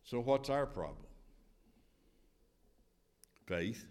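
A man's voice: medium pitch, measured pace, fairly bright tone. A man teaching a Bible lesson in sermon style, earnest and repetitive, with firm rising declarations and scripture read in old King James wording. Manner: earnest preaching, repeats phrases for emphasis, rising to firm declarations. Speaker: Sunday school teacher.

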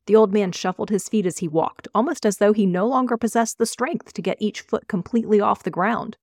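A woman reading her own fantasy novel aloud in a measured, expressive narration. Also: mid-range voice, no room sound, clean studio sound. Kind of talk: audiobook reading.

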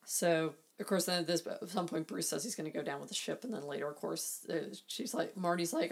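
A woman with a fairly low voice recaps a movie in casual podcast chat. She tells it with animated energy and acts out the characters' lines. She swears freely as she goes. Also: fairly quick, creaky, breathy edge. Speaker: podcast co-host.

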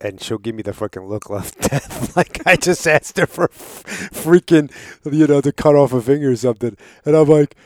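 A man's voice: medium pitch, moderate pace, hardly any pauses, no echo. A man hosting a casual chat, laid-back, with frequent short agreements.

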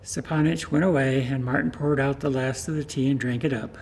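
A man reading a story aloud during a church service in a steady, plain storytelling manner. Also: mid-range voice, fairly quick, slight background noise.

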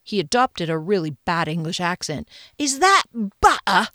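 A woman voicing a bullying male kitchen boss who puts on a bad, shouty English chef act and swears loudly. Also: medium pitch, very animated, measured pace, no room sound, clean studio sound. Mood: blustering rant.

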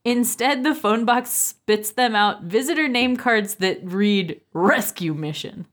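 A woman co-hosting a casual book podcast, animated and joking, with quick asides. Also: a little high. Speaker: podcast co-host. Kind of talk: casual book-club chat.

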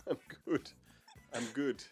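A man's voice: mid-range voice, husky. A man co-hosting a movie podcast, rambling with lots of restarts and laughter. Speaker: podcast co-host. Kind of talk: casual movie podcast chat.

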